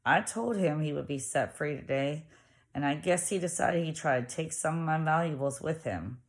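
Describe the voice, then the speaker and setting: A woman's voice: sits low, moderate pace, close to an everyday voice. A woman voicing a cold, cunning female warden who justifies herself defensively. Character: tough, cunning female prison-camp warden.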